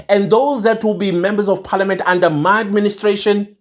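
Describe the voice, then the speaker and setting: An angry online commentator with a South African accent delivers an impassioned rant to viewers, mixing in isiZulu. His mid-range voice moves at a moderate pace, and he hammers points with emphatic repeated phrases.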